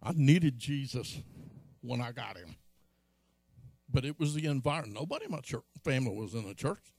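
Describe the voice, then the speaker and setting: Gravelly preacher with a lively voice. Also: male voice, normal speed, no room sound. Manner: storytelling, acts out quotes in a high voice. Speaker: pastor. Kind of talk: sermon.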